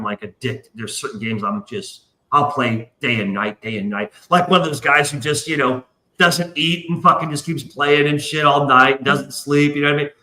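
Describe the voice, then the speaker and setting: A man's voice: a little high, pushed and bright, roomy sound. A man hosting a casual livestream chat, telling long rambling profane stories. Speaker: podcast host.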